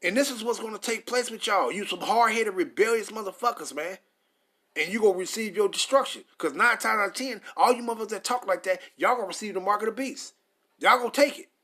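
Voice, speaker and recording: Brief: male preacher, high-pitched voice, reads scripture, then curses and berates listeners. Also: quick pace, bright, forceful tone. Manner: reads verses then rants with heavy profanity; stumbles over words. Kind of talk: confrontational scripture sermon.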